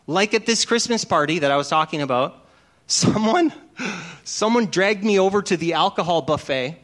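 This pastor speaks in a high, animated voice with a fairly bright tone and a moderate pace. His sermon feels chatty, built around stories in which he performs the dialogue himself.

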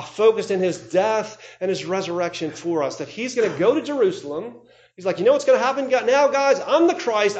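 A man preaching a sermon, conversational and animated, acting out the voices of people in the story. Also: high voice. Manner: conversational, many fillers and asides. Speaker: pastor. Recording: echoey room.

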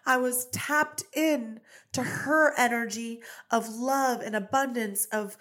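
A woman's voice: a little high, takes it slowly, fairly bright tone. Fervent, emphatic woman podcast host. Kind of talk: motivational monologue.

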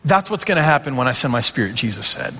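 A man's voice: mid-range voice, very animated, fast, bright, forceful tone, long reverb tail, slight background noise. A man preaching a conversational sermon, asking rhetorical questions and acting out imagined reactions. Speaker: pastor.

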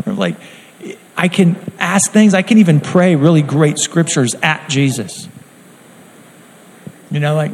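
A man's voice: a little high, animated, normal speed, a little mellow, a little hiss or hum, low-quality recording. A man preaching a sermon in an earnest, conversational way, acting out quotes as he goes.

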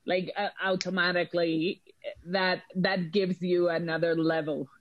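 A woman from Mexico, a podcast guest who talks in a lively way and often restarts her sentences. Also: lowish voice, a little slow, no echo. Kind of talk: casual chat. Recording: dry, dull lo-fi audio.

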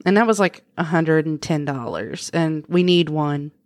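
A woman co-host in casual chat, chatty and quick to laugh. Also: low voice, expressive, no room sound, clean studio sound.

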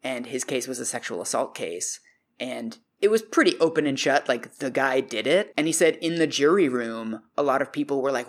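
Male podcast co-host, middle-pitched, animated casual storyteller. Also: normal speed. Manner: animated anecdote-telling, acting out quoted voices.

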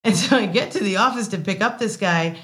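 A woman in her late thirties telling a work story as an interview guest, animated with quick asides and laughs. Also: mid-range voice. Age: late 30s. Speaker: wine sales guest. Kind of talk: casual storytelling.

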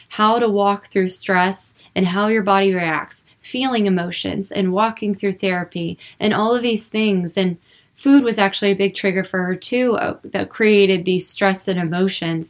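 A young woman speaking earnestly about faith and emotions in a personal, unscripted way, with lots of filler words. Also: medium pitch. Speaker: Christian speaker.

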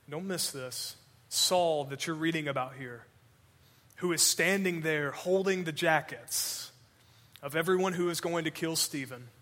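A man preaching a sermon as pastor, swinging between urgent loud passages and hushed, slow emphasis. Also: fairly high pitch. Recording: long hall reverb.

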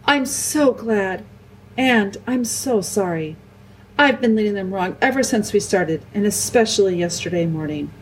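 A woman voicing an earnest boy high king who speaks in a brisk, encouraging way. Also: lively intonation, a little hiss or hum, close to an everyday voice, poor audio. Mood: remorseful.

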